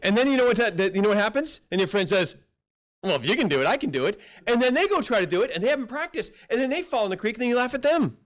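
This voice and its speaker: A man's voice: very high voice, animated, rapid-fire, hardly any pauses. A middle-aged male pastor preaching a sermon in a folksy storytelling way, acting out quoted voices.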